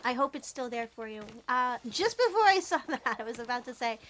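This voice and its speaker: Gushing high-voiced woman streamer. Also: big pitch swings, fairly quick. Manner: gushing, sweet, frequent soft laughs and throat clearing. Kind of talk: casual gameplay livestream chat. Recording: faint background noise.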